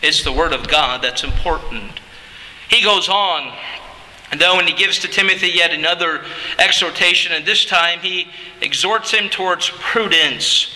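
A man pastor preaching an emphatic sermon that builds at times to shouting. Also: a little high, normal speed, big-room sound, low-quality recording.

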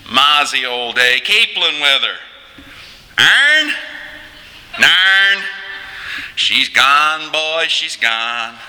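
A man's voice: on the high side, very animated, very slow, long pauses, pushed and bright, big-room sound, heavily acted, low-quality recording. A man putting on the voices of two chatty Newfoundland locals, with broad dialect and a lilting, exaggerated delivery. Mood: folksy.

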